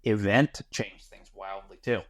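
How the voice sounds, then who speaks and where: A man co-hosting a podcast in casual discussion, halting and repeating words as he works out his thoughts. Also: fairly low pitch, fairly even intonation, fairly bright tone, no room sound, clean studio sound. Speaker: podcast co-host.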